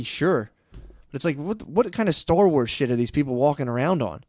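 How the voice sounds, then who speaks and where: A young man talking casually on a podcast, rambling and profane, telling animated stories. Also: a little high, a little fast, no room sound, studio quality. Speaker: podcast co-host.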